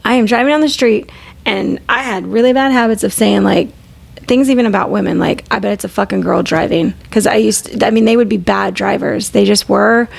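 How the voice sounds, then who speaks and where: A woman's voice: mid-range voice, a little fast, gravelly. A woman in her thirties, a podcast co-host, telling candid, profane stories in casual chat and laughing often.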